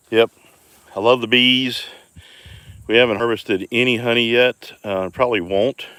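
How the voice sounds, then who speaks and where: A man's voice: mid-range voice, slow pace, vocal fry, long pauses, no room sound. A man chatting casually on a live stream as he walks around his homestead outdoors, talking into a phone he holds. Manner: relaxed, chatty, greets viewers by name. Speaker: homestead vlogger.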